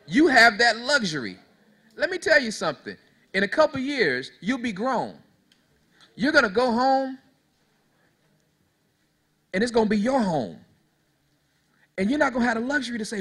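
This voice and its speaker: A man in his thirties delivering a motivational talk to a young crowd, his voice bright and forceful and swinging widely up and down. He preaches in call-and-response and spins folksy stories. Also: high voice, very animated, brisk, husky. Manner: preachy call-and-response, talks straight to the audience; storytelling, folksy. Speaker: motivational speaker to youth. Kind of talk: motivational speech.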